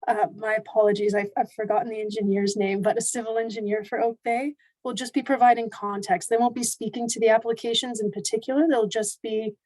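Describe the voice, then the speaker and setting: A woman planner addressing a town council, her voice a little high. She explains the context calmly and politely. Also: a little fast, poor audio. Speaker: planner presenting reports. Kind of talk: formal meeting remarks.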